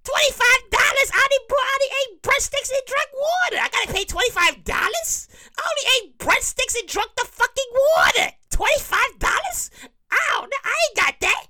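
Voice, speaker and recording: A stingy diner whines indignantly about having to pay, as a woman puts the character on. The voice is high and bright, with a complaining edge. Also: lively intonation, moderate pace, heavily acted. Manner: indignant, whiny.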